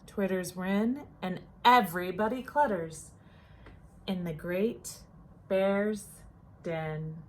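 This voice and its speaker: A woman reading a children's picture book aloud, playful and expressive with the rhythm of the rhymes. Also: fairly low pitch, slow pace, slight background noise. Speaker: storyteller.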